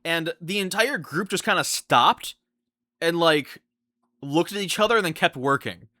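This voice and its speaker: Young male vlogger, animated and incredulous storyteller, fairly high voice, dry close sound. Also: a little slow, no room sound. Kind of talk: storytime vlog.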